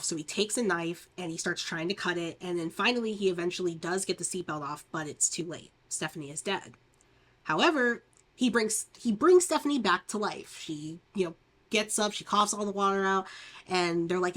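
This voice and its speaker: Chatty woman, fairly low voice. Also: fairly bright tone. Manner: chatty, rambling, many fillers and restarts; laughs often, acts out characters' lines. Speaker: horror movie reviewer. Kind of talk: casual plot recap.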